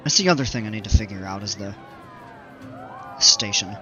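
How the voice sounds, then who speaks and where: A man giving casual commentary while playing a building game, thinking aloud with fillers, his voice a little hoarse. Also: on the low side, sing-song, normal speed, sharp tone, highs cut off, faint music behind, a faint crowd. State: slightly hoarse, regaining voice. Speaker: gaming video creator.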